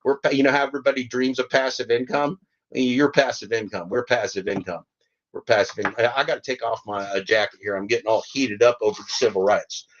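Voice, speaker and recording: A man's voice: mid-range voice, steady tone. Fiery rambling older man, lo-fi. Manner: fiery, rambling, sarcastic, slow emphatic reading. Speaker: podcast host. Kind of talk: reading aloud and ranting.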